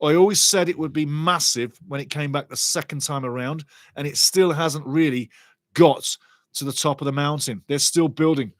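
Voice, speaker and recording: A fairly high-voiced man calls a football match live as a fan, animated and partisan. He reacts loudly to refereeing decisions and reads out chat messages between plays. His voice sits close and dry on the mic, with no room sound. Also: normal speed, no echo. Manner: excitable, partisan, reads chat comments aloud. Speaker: fan watch-along commentator. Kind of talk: passionate live match commentary.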